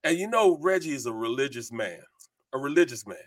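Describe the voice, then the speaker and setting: The middle-aged co-host, formerly a football lineman, rambles animatedly through stories peppered with fillers on a sports talk show. He has a mid-range voice and a brisk delivery.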